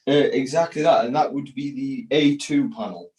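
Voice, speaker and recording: A man's voice: mid-range voice, normal speed, darkish tone, breathy edge, rough recording. A man with hiccups, patiently explaining step by step how he cuts kite panels. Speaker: kite builder demonstrating. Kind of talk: step-by-step craft instruction.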